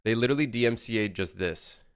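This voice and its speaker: A man's voice: mid-range voice, expressive, fast talker, clear, resonant tone, no echo, clean studio sound. A young man chatting casually on a game development live stream, rambling and correcting himself as he reads chat.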